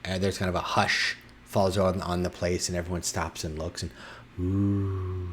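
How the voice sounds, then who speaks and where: Male game master, lowish voice, halting tabletop narration. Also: level tone, fairly bright tone, a little hiss or hum. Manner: halting, many fillers and restarts.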